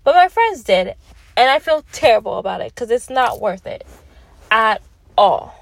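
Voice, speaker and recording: A woman's voice: fairly high pitch, sing-song, moderate pace, gravelly, dry recording. A young woman with a Canadian accent giving a chatty, emphatic movie review from her parked car. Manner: chatty and emphatic, self-deprecating. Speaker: vlogger. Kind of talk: casual movie review vlog.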